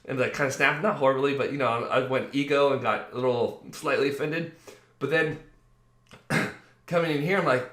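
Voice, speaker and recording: A man's voice: medium pitch, fairly quick, fairly bright tone. A man hosting a casual spiritual talk, rambling and acting out the voices he quotes, with many fillers. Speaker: spiritual video host. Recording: roomy echo.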